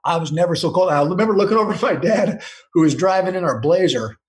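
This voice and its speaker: A man's voice: sits high, expressive, fast, echoey room, slight background noise, low-quality recording. Man telling ranch stories with chuckles. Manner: rambling anecdotes with restarts and chuckles. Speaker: football coach. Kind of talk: casual storytelling interview.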